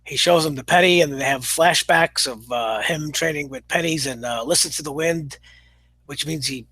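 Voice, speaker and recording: A man giving a casual spoken review of a comedy show, blunt and opinionated, halting often with "uh" fillers. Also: fairly high pitch, pushed and bright, breathy edge, dry recording, rough recording. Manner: halting, full of pauses and "uh" fillers.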